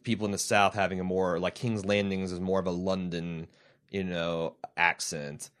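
A man's voice: sits low, flat delivery, normal speed, fairly bright tone, clear, resonant tone. A man co-hosting a casual podcast, rambling and joking with many restarts as he reads listener mail. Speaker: podcast co-host.

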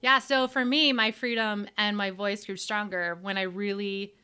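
A woman's voice: mid-range voice, steady tone, normal speed, pushed and bright, smooth. A woman co-hosting a faith podcast, speaking earnestly in casual conversation. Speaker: podcast co-host. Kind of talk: casual chat.

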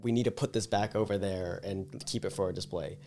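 A man's voice: low voice, fairly even intonation, brisk, mellow, a little hiss or hum. A man telling a work story in casual chat, rambling with lots of "like" and acting out the people in it. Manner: rambling, fills talk with "like"; acts out the people in his story.

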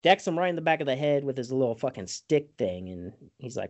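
A man's voice: mid-range voice, big pitch swings, a little fast, darkish tone. A man hosting a podcast, recapping a film in casual, profane chat and acting out the characters' lines. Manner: swears freely, acts out characters' lines.

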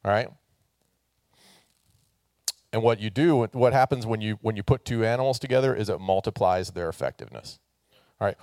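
A man with a fairly low voice preaches a relaxed, jokey sermon. He talks with the congregation and gets them to join in. The sound is close and dry. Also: no echo. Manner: casual, joking, talks with the congregation. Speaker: pastor.

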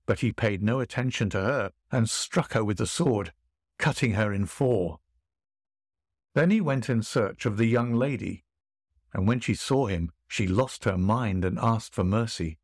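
A man reading an old tale aloud as a podcast narrator, in a measured, dramatic way. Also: on the low side, no echo, studio quality. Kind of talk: storybook reading.

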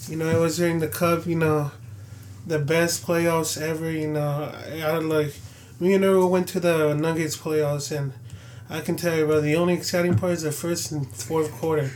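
A young man with a fairly high voice co-hosts a relaxed sports chat. He talks in a laid-back way, filling his sentences with "you know". Faint room noise runs behind him. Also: moderate pace. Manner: laid-back, lots of 'you know'. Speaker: podcast co-host.

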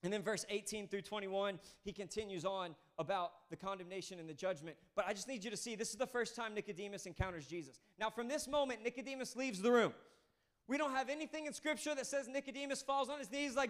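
Guy pastor preaching, kinda high voice, casual and animated like he's just talking to you. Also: quick pace. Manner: conversational, animated, acts out quoted voices. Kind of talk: sermon.

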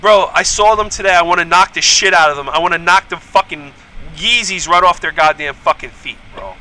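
Heated, bright-voiced New man ranting. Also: high voice, fairly quick, poor audio. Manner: profane, heated storytelling. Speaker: podcast host. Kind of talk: casual podcast rant. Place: home podcast setup.

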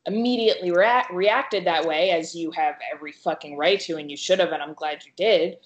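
A woman's voice: fairly low pitch, fairly quick, highs cut off. A woman podcast host speaking emphatically in casual chat, swearing heavily. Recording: echoey room.

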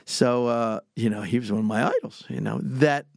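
A man's voice: medium pitch, normal speed, gravelly, darkish tone, dry recording, clean studio sound. An older man from Pennsylvania telling rambling, chuckling stories in casual conversation as an interview guest. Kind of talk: casual storytelling.

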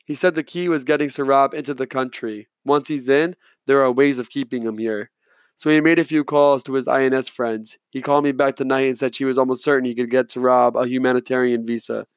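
A man narrating a novel in the first person, reading in a measured, quiet way. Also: mid-range voice, fairly even intonation, no room sound. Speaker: audiobook narrator.

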